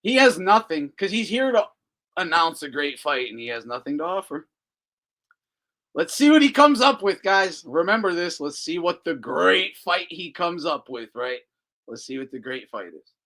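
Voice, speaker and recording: Brief: foul-mouthed host, lots of laughter, animated up-and-down delivery. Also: male voice, fairly high pitch, moderate pace. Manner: profane, laughs often, mocking. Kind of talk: casual live commentary.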